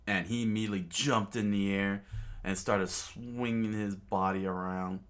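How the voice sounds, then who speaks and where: A man reading a manga story aloud in a casual, halting way, with frequent fillers and restarts. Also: fairly low pitch, steady tone, smooth. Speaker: reader.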